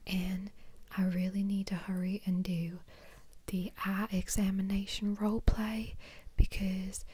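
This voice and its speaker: A woman's voice: medium pitch, mellow, husky. A woman in a whispered ASMR chat, rambling and self-deprecating with lots of ums. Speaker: ASMR creator.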